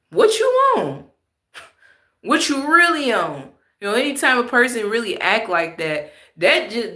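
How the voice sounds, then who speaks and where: Blunt, bright-voiced woman streamer. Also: medium pitch, echoey room. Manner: blunt, emphatic, slangy. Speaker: livestream commentator. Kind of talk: casual livestream commentary reading chat.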